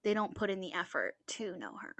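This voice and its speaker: A woman's voice: mid-range voice, very animated, a little fast, fairly bright tone, no echo. A woman co-hosting a casual book podcast, giving thoughtful analysis of the characters. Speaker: podcast co-host.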